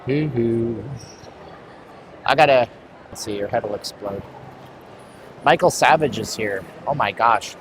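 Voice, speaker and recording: A man's voice: lowish voice, normal speed, pauses often. Blunt rambling man streaming outdoors. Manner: blunt, rambling, talks to chat. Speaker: live-stream host. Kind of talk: casual live-stream chat. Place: outdoors on a hot city street. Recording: street traffic noise.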